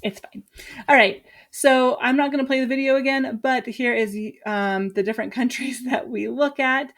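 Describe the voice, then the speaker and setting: A woman from Utah, a teacher, chatting casually and lively as she walks through her lesson plan with quick asides. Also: sits high. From Utah, USA.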